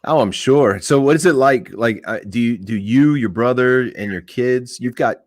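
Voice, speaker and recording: A man's voice: mid-range voice, normal speed, no echo, clean studio sound. A man hosting a podcast interview, laid-back and joking with his guest. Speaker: podcast host.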